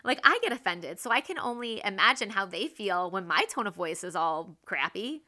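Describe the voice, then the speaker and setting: A woman in her thirties hosting a casual, faith-based parenting talk, earnest and quick to act out her own everyday examples. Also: medium pitch, very animated, pushed and bright. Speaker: podcast host and mother.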